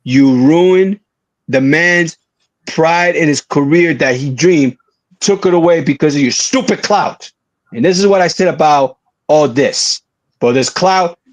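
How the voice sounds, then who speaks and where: A man giving earnest, emphatic opinion commentary on a wrestling podcast, drawing out his words for weight. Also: fairly high pitch. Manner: earnest, drawn-out emphatic delivery.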